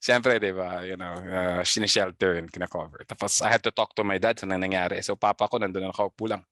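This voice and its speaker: A man's voice: low-pitched, steady tone, fast, hardly any pauses, fairly bright tone, no echo. A middle-aged man with a Filipino accent, a guest telling stories in a casual interview, chatty with many fillers and frequent laughs. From Philippines. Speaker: guest, band founder.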